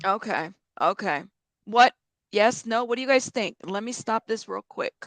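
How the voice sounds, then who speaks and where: A woman's voice: mid-range voice, lively intonation, moderate pace, fairly bright tone, no echo. A woman giving casual live-stream commentary, chatting with viewers and thinking aloud as she reacts.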